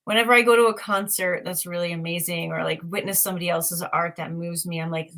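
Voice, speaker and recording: A woman's voice: lowish voice, steady tone, quick pace, few pauses, fairly bright tone. A woman chatting casually and enthusiastically, meandering with many fillers. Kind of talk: casual chat.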